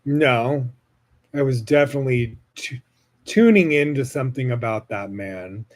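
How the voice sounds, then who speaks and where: A man's voice: medium pitch, lively intonation, unhurried. A man hosting a solo podcast, talking in a casual, rambling way with lots of fillers and swearing. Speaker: podcast host.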